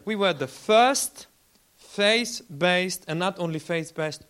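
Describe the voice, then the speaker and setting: A man, a faith-based relief leader giving a lively testimony talk with slides and acting out the people he quotes. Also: high-pitched. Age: 40s. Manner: animated storyteller, acts out quoted voices.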